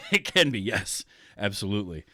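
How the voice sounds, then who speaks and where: A man's voice: lowish voice, big pitch swings, normal speed, pushed and bright, no room sound, studio quality. A man hosting a podcast, talking casually about a film with lots of fillers and restarts. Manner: chatty, many fillers and restarts. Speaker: podcast host.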